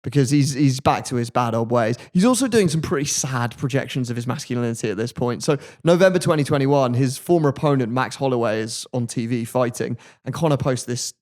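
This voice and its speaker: A man's voice: medium pitch, fairly quick, few pauses, darkish tone. A man hosting a podcast, retelling a story in a chatty, wry, jokey way.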